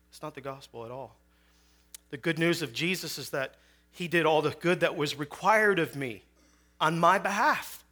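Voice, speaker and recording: A man's voice: medium pitch, a bit bright. Joking, conversational guest preacher, a man. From Chicago, US. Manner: conversational, joking asides, frequent fillers. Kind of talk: sermon with personal testimony.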